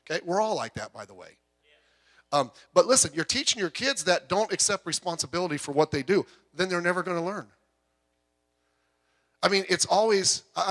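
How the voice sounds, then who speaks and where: High, bright-voiced preacher man. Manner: conversational, animated storytelling with asides. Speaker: associate pastor. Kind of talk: sermon. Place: church sanctuary with speakers.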